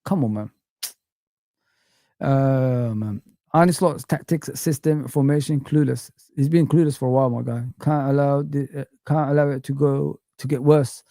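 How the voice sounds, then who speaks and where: A man's voice: medium pitch, fairly even intonation, moderate pace, mellow, no echo, clean studio sound. A young man hosting a fan livestream, ranting in an exasperated, repetitive way and swearing often. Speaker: fan channel livestream host. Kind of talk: casual livestream rant.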